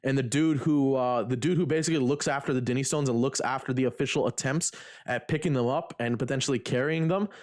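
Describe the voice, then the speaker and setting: A male livestreamer in relaxed, unscripted chat. His voice sits at an ordinary middle pitch. He rambles through restarts and fillers and swears freely. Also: quick pace. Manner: rambling, profane, lots of fillers. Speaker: livestreamer and lifter.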